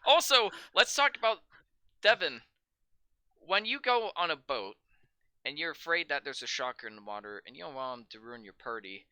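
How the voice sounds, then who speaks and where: A podcast host in a casual film chat, swearing freely, laughing a lot and mocking scenes with quick impressions. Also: medium pitch, big pitch swings, pushed and bright, smooth, no echo.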